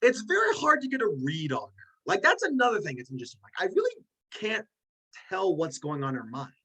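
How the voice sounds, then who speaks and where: A host in casual chat who runs through a ranked list of fictional characters, rambling into tangents and quick self-mocking asides. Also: mid-range voice, wildly swooping pitch, bright, forceful tone, breathy edge, poor audio.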